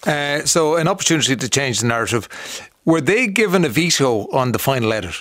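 A man hosts a radio talk show, easing into questions in a loose conversational manner. His pitch sits mid-range, and the studio sound is dry. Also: lively intonation, a little fast, fairly bright tone, dry recording. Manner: conversational, prompting with questions, hesitant fillers. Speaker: radio host. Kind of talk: radio interview.

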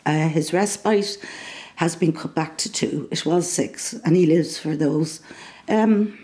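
An older Irish woman, a mother and carer, speaking earnestly in an interview, often pausing with fillers. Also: sits low, darkish tone. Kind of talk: emotional interview.

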